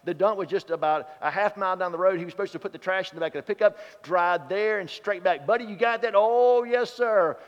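A man preaching a sermon, telling stories and swinging from loud to hushed. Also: high-pitched, fast talker, hardly any pauses. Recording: dull sound in a reverberant hall.

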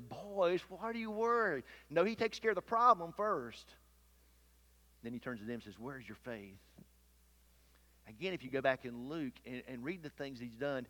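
A man preaching a sermon, swinging between loud emphatic peaks and hushed low asides, and reading scripture aloud. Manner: reads scripture aloud in King James wording.

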